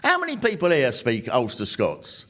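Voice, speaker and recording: A man doing a wry, animated stand-up comedy routine to a live audience. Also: medium pitch, normal speed. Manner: wry, animated, punchline-driven. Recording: noisy live recording with audience laughter.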